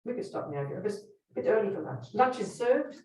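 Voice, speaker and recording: A woman with a medium-pitched, darkish voice and lively intonation teaches a live workshop as a Buddhist nun, talking briskly. Her delivery is blunt and emphatic, with pointed questions aimed at her listeners. The recording catches her from far off in a roomy hall.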